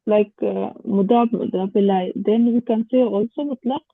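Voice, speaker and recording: Woman student asking stuff, flat voice, hesitant, tinny phone-ish line. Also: medium pitch, creaky, breathy edge, no room sound. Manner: hesitant, halting questions. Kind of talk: asking questions in class.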